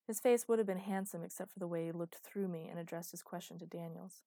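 Woman narrating fiction, lowish dry voice. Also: fairly even intonation, fast, hardly any pauses, mellow, no echo. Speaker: audiobook narrator. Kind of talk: first-person fiction narration.

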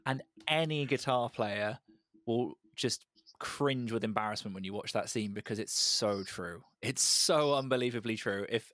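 A man's voice: lowish voice, a bit bright, no echo, studio quality. A British man co-hosting a podcast, chatting casually and enthusiastically about comedy films. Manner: enthusiastic, acts out quotes in a raised voice. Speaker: podcast host. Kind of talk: casual film discussion.

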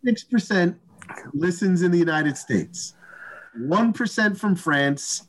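Slow-talking man, halting podcast co-host. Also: high-pitched, expressive, background noise. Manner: halting, restarts sentences, reads out stats. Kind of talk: casual podcast banter.

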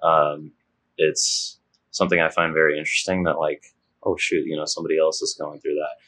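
A man's voice: extremely low pitch, little pitch movement, fairly quick, a bit bright. A young man co-hosting a podcast, chatting casually and enthusiastically, laughing and rambling with fillers. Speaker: podcast co-host. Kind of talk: casual chat.

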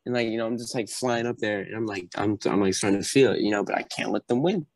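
Lively young man telling stories. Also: on the low side, fast talker, dry recording. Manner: animated, acts out drill instructors. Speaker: podcast guest. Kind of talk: casual storytelling.

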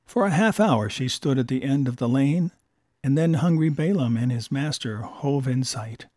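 A man narrating an old-fashioned story in a measured, expressive way. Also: medium pitch, no echo, studio quality.

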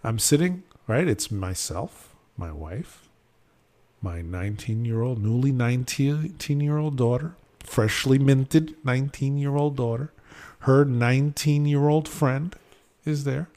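Gravelly man telling a lively story. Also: medium pitch, measured pace. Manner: animated storyteller, acts out quotes, many fillers. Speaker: podcast host. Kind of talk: casual chat.

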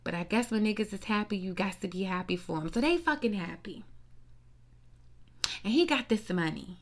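A woman ranting in a casual, profane gossip monologue, sassy and animated, with lots of rhetorical questions. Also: mid-range voice, normal speed. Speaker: commentator. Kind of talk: casual celebrity gossip rant.

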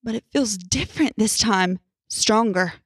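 Quiet imposing father, murmuring, frightened, horror story reading, voiced by a woman, dry recording. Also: mid-range voice, measured pace, breathy edge, no echo. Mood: uneasy. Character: quiet imposing middle-aged father, scared.

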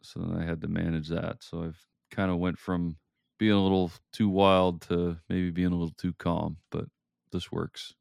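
A man's voice: low-pitched, level tone, normal speed, gravelly, darkish tone, no room sound, studio quality. A man co-hosting a podcast in casual chat, hesitant and trailing off, laughing often. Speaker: podcast co-host.

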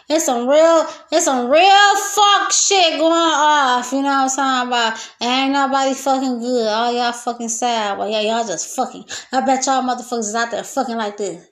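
A young woman hosting a solo podcast, venting in a loose, profane, laughing rant from her kitchen. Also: on the high side. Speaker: podcast host. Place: home kitchen.

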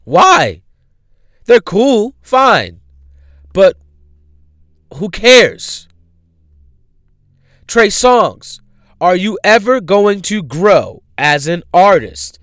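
A man's voice: high voice, sing-song, very slow, pauses often, a bit bright, dry recording. A man hosting a podcast, ranting bluntly and profanely about music with repeated rhetorical questions. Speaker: podcast host.

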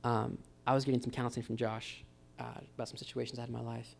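There's a little hiss or hum as a man preaches quickly in a medium pitch with little pitch movement, vocal fry, and a darkish tone. Faint guitar plays at the church gathering while he gives his informal, encouraging sermon, repeatedly saying "guys" to his listeners.

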